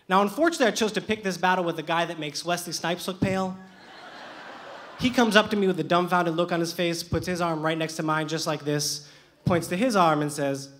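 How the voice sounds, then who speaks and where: Onstage in a theater before an audience, a young man with a noticeably high voice tells a true personal story fast, with lively, animated delivery and sharp comic timing. A little hiss or hum sits under the recording.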